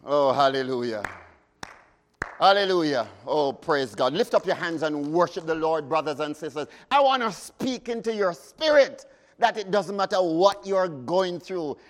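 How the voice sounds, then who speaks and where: Fervent high-voiced preacher, slow. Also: male voice, animated. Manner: fervent, rises to sudden shouts and drops to hushes; chants hymn lines slowly. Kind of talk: sermon.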